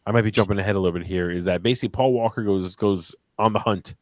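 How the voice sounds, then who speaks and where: A man co-hosting a podcast, chatting casually and jokingly about a movie, animated and swearing now and then. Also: lowish voice, racing, no echo. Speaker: podcast co-host. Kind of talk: casual movie review chat.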